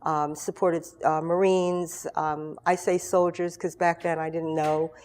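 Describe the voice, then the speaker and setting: A woman's voice: low voice, little pitch movement, a little slow, darkish tone, slight background noise. A woman in her sixties telling her story as an interview guest, chatty and rambling, with many fillers and restarts. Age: 60s. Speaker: guest, founder of a soldier support group.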